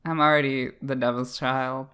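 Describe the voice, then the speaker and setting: A man's voice: medium pitch, flat delivery, normal speed, pushed and bright, clean tone. A man from Canada co-hosting a podcast, talking in a campy, playful and teasing way in casual chat. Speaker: podcast co-host.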